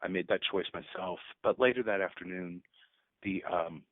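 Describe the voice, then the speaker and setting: Speaking at a moderate pace in a low voice, a man in his fifties who works as a teacher gives an emotional radio interview as a guest, earnest and at moments choked up. The audio is dry and has the tinny quality of a phone line.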